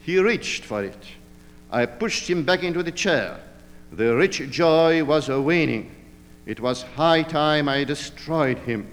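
Measured male audiobook narrator. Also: fairly high pitch, expressive, in a large hall, slight background noise. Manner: measured, literary storytelling.

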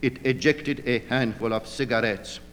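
A man narrating an audiobook in a measured, literary storytelling manner. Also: medium pitch, steady tone, a bit bright, in a large hall, a little hiss or hum.

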